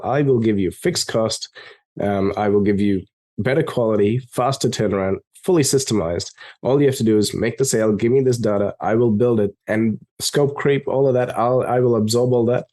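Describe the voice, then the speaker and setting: A man being interviewed as a software company co-founder, telling stories and acting out the dialogue in a raised voice. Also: medium pitch. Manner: animated, acts out quoted dialogue in a raised voice. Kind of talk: storytelling in an interview. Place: lives in Melbourne.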